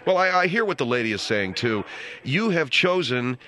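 A man hosting a call-in radio show, brisk and taking charge of his callers, speaking from a studio. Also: mid-range voice, sing-song, pushed and bright. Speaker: radio talk show host.

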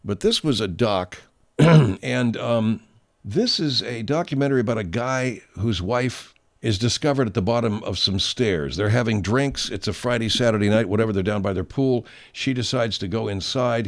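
A man hosting his own show, telling a story in a profane, digressive, animated way. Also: fairly low pitch. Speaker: host. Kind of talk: casual show monologue.

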